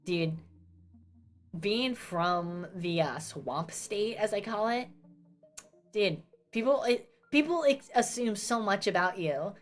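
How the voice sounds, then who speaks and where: A woman's voice: medium pitch, lively intonation, takes it slowly, soft background music. A young woman from New Jersey chatting casually as a streamer, ranting and swearing with self-mocking asides. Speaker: VTuber streamer.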